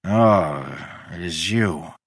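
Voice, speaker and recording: A man voicing a drunk, gruff, boastful man in an audiobook, loud and blustering with a slurring delivery. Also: deep voice, drawn-out words, no echo, clean studio sound, heavily acted. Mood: drunken. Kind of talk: audiobook character reading.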